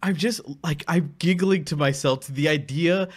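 A young man streaming a card game, giggling and excitedly calling out each play as it happens. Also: fairly high pitch, moderate pace. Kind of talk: live gameplay commentary.

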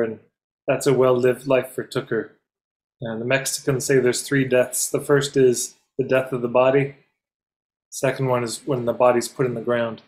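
A man giving a reflective memorial address on a video call, speaking in a measured way. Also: mid-range voice, a little mellow.

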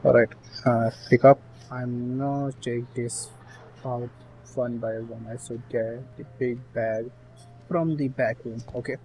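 A man giving rambling play-by-play commentary on a horror game, with loud outbursts. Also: medium pitch, fairly even intonation, measured pace, a little hiss or hum, poor audio. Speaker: gaming streamer.

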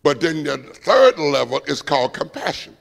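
Male pastor, gravelly and fairly high-pitched, call-and-response Bible study preaching, long church reverb. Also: sing-song, normal speed. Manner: call-and-response preaching, asks the room to fill in words.

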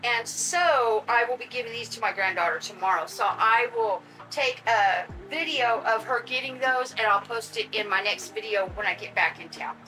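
Older woman, excitable unboxing vlogger, high voice, faint music under. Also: normal speed, few pauses, low-quality recording. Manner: gushing, excitable, talks to her audience and pets. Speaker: vlogger unboxing reborn dolls. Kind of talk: casual unboxing vlog.

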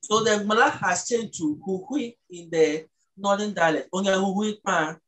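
A speaker from Ghana, patiently explaining the language as an interview guest and slowing down to sound out words. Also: medium pitch, fairly bright tone, poor audio. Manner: teacherly, slows down to sound out words.

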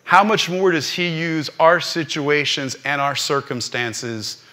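A man preaching as a rabbi and pastor, telling a personal story during a live church service with animated, rising peaks. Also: on the high side, slow pace.

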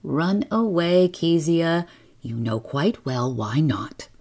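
Woman voicing a stern mother, curt, dismissive, low voice. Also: lively intonation, takes it slowly, warm tone, full character voice. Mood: firm. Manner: curt, firm.

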